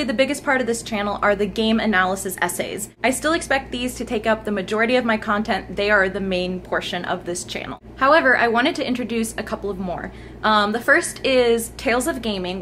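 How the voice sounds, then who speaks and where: Filming at home on a smartphone held close, a young gaming YouTuber shares an excited, talkative channel update in casual vlog form. She has a medium-pitched, slightly bright voice, and faint background noise comes through the phone mic.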